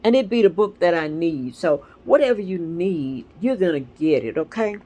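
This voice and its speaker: Sex: woman. Style: casual vlog reflection. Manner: earnest and rambling, pitch rising and falling a lot. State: stuffy sinuses. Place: home. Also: normal speed. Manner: earnest, rambling, animated storytelling. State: congested sinuses. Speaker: vlog host. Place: at home with a dog nearby.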